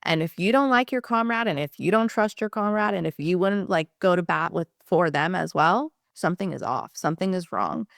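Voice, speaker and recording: A woman's voice: lowish voice, fairly quick, gravelly, few pauses, no echo, studio quality. A woman employment attorney explaining legal fees straight to camera in a candid, passionate way, swearing casually.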